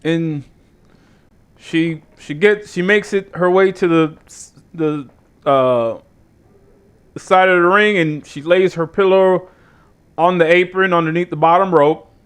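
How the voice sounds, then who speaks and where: A man's voice: on the high side, slow pace, pauses often, a bit bright, clean tone. A man hosting a casual review show who rambles sardonically and swears freely. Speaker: show host reviewing wrestling. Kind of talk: casual profane rant.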